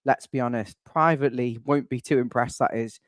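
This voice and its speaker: A man's voice: mid-range voice, steady tone, brisk, dry recording, studio quality. A young man hosting a casual fan show, chatty and wry with rambling asides. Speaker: channel admin and host. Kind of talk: casual fan podcast chat.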